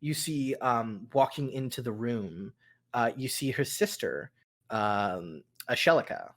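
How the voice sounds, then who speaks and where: A man running a tabletop fantasy game, narrating scenes in a halting way full of ums and sudden quick bursts. His voice sits at an ordinary middle pitch. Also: lively intonation, a bit bright. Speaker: game master.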